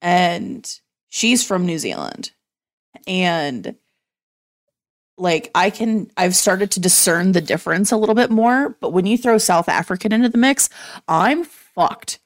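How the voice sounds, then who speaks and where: A woman's voice: fairly low pitch, expressive, a little slow. Rambling woman with a faint Southern twang. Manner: rambling, filler-heavy, swears. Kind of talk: casual chat.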